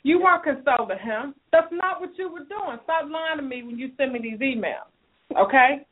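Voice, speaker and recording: High, lively woman scolding on radio advice. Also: normal speed. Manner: preachy and scolding, repeats phrases for emphasis. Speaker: radio show host giving relationship advice. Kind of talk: emphatic advice talk on a radio show. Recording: phone-like narrow sound.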